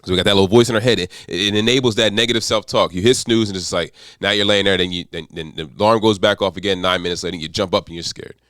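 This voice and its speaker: A man's voice: low-pitched, fairly even intonation, quick pace, few pauses, fairly bright tone, clean tone, no echo, clean studio sound. A man speaking as an accountability coach in a motivational monologue, repeating short mantras with emphasis.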